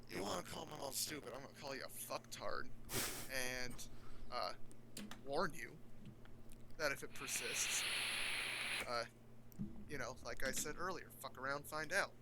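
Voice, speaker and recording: A man's voice: medium pitch, moderate pace, vocal fry, long pauses, noisy background. A man co-hosting a podcast in casual chat, talking bluntly and swearing freely. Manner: blunt and profane.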